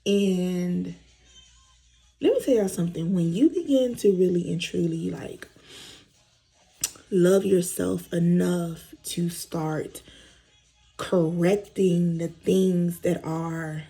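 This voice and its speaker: A woman's voice: lowish voice, slow pace, gravelly, pauses often, dark tone, faint music behind, rough recording. A woman vlogger chatting candidly with viewers while doing her makeup, repeating herself as she tells her story. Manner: candid, repetitive storytelling addressing viewers as y'all.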